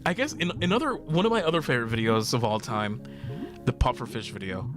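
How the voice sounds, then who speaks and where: Excitable young man streaming a game. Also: mid-range voice, quick pace. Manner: excitable, laughs often, swears freely. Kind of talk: casual gaming stream chat. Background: game music.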